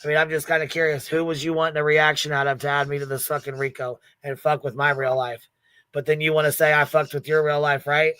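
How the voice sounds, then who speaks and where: A woman's voice: low-pitched, quick pace, smooth, dry recording. A woman hosts a casual livestream, speaking close to the mic with a dry, dead sound. She is blunt and profane, laughs often, and acts out the lines of people she is talking about. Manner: retells events with lively quoted asides. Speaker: livestream host.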